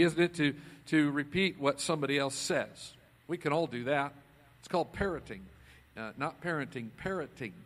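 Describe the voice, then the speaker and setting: A man preaching a conversational sermon as a pastor, swinging between loud emphasis and quiet asides. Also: a little high.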